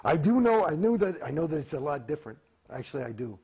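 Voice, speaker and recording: Interviewee, male, profane and rambling, husky and croaky voice. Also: very animated, quick pace. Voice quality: gravelly, husky voice. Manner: profane, heated, rambling, swearing often. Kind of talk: candid interview, profane and emphatic. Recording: quiet, low-volume recording.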